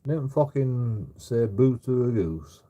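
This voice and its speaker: A man's voice: medium pitch, animated, slow pace, warm tone, lo-fi sound. A man telling a rambling story in casual chat, stammering over repeated words and swearing a lot. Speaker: streamer. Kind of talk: casual anecdote.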